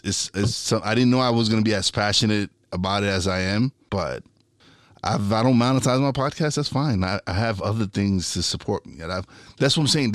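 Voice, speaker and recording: Guy podcaster, kinda low voice, cusses a lot, fired up, dry close mic. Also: no room sound. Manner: profane, animated, repeats and restarts words. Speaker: podcast and radio host. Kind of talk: casual interview chat.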